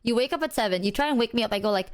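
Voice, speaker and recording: A young woman with a slightly high voice tells stories in a casual chat, jumping up in pitch to imitate her friend. She laughs often as she talks. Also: racing. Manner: animated storyteller, imitates others in high voices.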